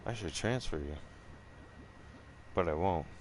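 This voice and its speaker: Quiet, firm woman officer as a Canadian man retells her, low and level. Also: animated, unhurried, slight background noise. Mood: stern. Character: stern female prison officer handing out punishment.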